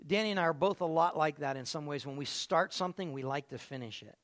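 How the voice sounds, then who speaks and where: A man preaching a lively sermon and calling out to listeners by name in a church. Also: a little high, quick pace. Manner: animated, calls on listeners by name. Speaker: pastor.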